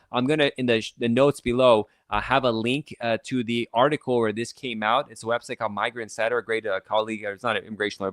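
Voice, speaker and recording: Fast-talking excited man, dry close sound. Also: lowish voice, dry recording. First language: Farsi. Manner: fast, excited talk with many restarts and fillers. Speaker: immigration lawyer hosting a channel. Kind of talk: casual explainer talk to camera.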